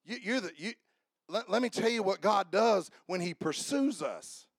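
A man preaching a sermon, telling humorous stories and building to shouted, fervent climaxes. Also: high voice, lively intonation, normal speed, creaky, breathy edge, dry recording, studio quality. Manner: storytelling, humorous asides. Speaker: pastor.

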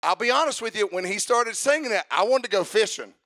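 A man preaching a fiery sermon, swinging from hushed asides to shouted emphasis. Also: high voice, expressive, fast talker.

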